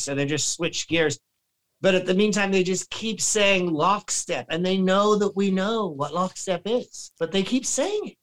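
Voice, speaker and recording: A man with a notably high speaking voice rants through a casual podcast conversation. He rambles and gets heated, often dropping into mocking impressions of other people. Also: a little slow, fairly bright tone, rough recording. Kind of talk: casual ranting chat.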